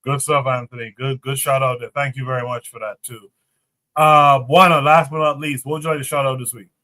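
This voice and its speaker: A man runs a casual podcast livestream and passes the mic from guest to guest. His voice is bright and forceful. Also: mid-range voice, little pitch movement, brisk. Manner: leads the show and hands off to each guest. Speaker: podcast host.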